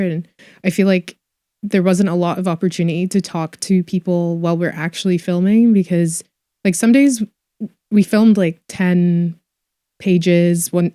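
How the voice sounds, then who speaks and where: A woman actress chatting casually in an interview, full of fillers and quick laughs. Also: fairly low pitch, dark tone, smooth, no room sound, studio quality.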